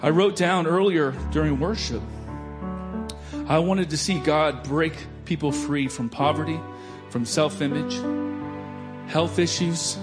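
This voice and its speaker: A man preaching a sermon, swinging from loud declarations to soft storytelling. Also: fairly high pitch, unhurried, long pauses, over music. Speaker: pastor.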